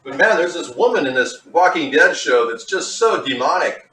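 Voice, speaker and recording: A man's voice: a little high, expressive, normal speed, bright, forceful tone. A man demonstrating a recipe in his home kitchen, talking casually, joking and drifting off topic as he goes. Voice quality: rambling and jokey, drifts off topic. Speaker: home cooking vlogger.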